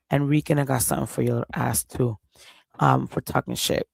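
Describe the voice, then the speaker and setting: A man's voice: medium pitch, steady tone, fairly quick, gravelly, dry recording. A man hosting a livestream, ranting in a heated, profane way and repeating his points. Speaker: livestream host. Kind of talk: casual livestream rant.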